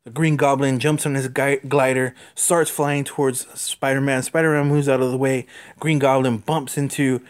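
Dude rambling thru a comic recap on his podcast, lots of uhs, average pitch. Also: level tone. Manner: rambling, halting, many fillers. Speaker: podcast host. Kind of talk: casual comic book recap.

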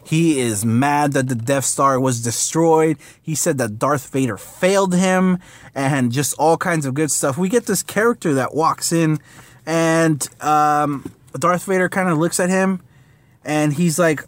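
A man's voice: mid-range voice, a little slow. Rambling man reviewing comics. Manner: rambling, lots of fillers and slang. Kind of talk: casual comic review vlog.

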